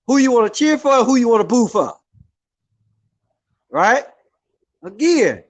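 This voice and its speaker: Man, very high voice, vlogger ranting hard and cursing, circles back on points, keeps checking in with "right?". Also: lively intonation, normal speed, pauses often. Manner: heated, repetitive, keeps asking "right?". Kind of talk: profane opinion rant.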